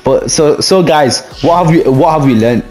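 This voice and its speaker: A man's voice: on the high side, normal speed, darkish tone. A young man, teasing and laughing through casual gaming banter. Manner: teasing, laughs a lot, repeats himself. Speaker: gaming YouTuber. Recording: echoey room with music playing. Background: game music.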